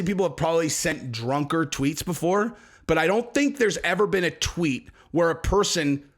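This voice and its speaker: A man's voice: fairly high pitch, a bit bright. A man hosting comedic commentary, talking in a loose, rambling, profane way. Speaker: comedian host.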